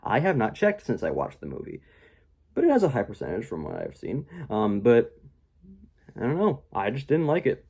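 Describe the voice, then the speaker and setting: A man's voice: medium pitch, wildly swooping pitch, normal speed, mellow, husky. A young man giving a casual spoken movie review, rambling with many fillers and mocking quoted voices.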